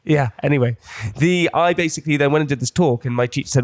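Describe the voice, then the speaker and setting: A young man tells a long, lively anecdote on his podcast. His voice sits a little higher than most men's. He laughs often and slips into voices of the people in his stories. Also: fast, no room sound. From England. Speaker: podcast host. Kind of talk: casual storytelling chat.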